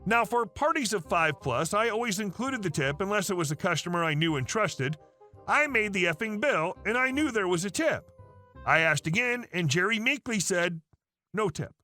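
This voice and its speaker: Guy reading reddit stories, high bright voice, kinda wry and casual. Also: animated, moderate pace. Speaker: story narrator. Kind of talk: scripted narration of online stories. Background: faint music.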